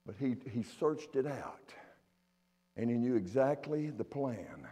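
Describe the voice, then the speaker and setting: A man's voice: mid-range voice, expressive, a little slow, dark tone, husky, big-room sound. A man preaching a sermon in a church, fervent and given to repeating and restarting his phrases. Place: church sanctuary.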